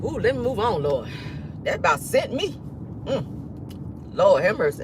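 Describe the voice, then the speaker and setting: A man's voice: high voice, big pitch swings, moderate pace, background noise. A man hosting a casual celebrity gossip show, sassy and profane, laughing often and calling his viewers "y'all" and "honey".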